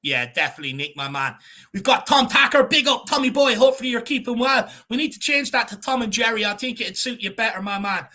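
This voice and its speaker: An Irish man co-hosting a fan channel, chatting casually on a live stream and reading out viewer comments with shout-outs. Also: very high-pitched, animated, fast talker. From Ireland.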